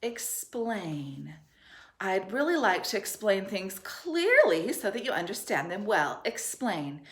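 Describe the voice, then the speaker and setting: A woman teacher leading a third grade spelling dictation, speaking slowly and sounding out each syllable and letter with care. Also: mid-range voice, sing-song. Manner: slow, clearly enunciated, sounding out letters and syllables. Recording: roomy echo.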